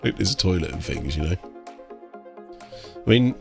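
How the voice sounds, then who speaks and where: A British man talks through a live stream in a low, rough, crackly voice. He rambles and rants, swearing freely and scattering "like" and "mate" all through his talk. Faint music plays quietly behind him. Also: lively intonation, a little slow. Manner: ranting, swearing, heavy use of "like" and "mate". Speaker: miniature painter and streamer. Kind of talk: casual live-stream chat.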